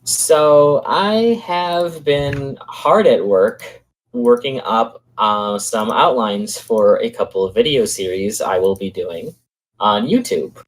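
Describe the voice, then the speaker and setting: A man's voice: mid-range voice, takes it slowly, poor audio. Earnest man laying out his plans. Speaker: podcast co-host. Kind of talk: casual podcast chat.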